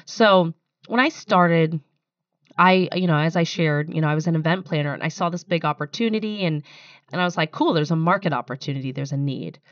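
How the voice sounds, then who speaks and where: A woman's voice: sits low, fairly quick, dry recording, dull audio. A young woman, a startup founder, speaking candidly in a podcast interview and telling her story with some emotion.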